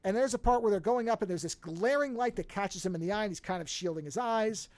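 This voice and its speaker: A podcast co-host in casual chat, retelling a film at length with quick asides. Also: mid-range voice, darkish tone, no room sound.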